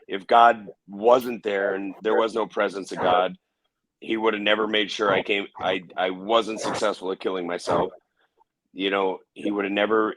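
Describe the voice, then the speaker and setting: Low-voiced man telling his story. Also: fairly bright tone, dry recording, poor audio. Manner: halting, many restarts and fillers. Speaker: interview guest. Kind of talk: casual interview storytelling.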